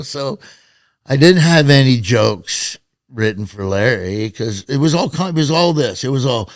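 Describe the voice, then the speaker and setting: A man's voice: medium pitch, measured pace, no room sound, clean studio sound. A middle-aged man, a stand-up comedian telling stories casually in an interview and acting out quotes in raised voices. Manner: animated storyteller, acts out quotes in raised voices.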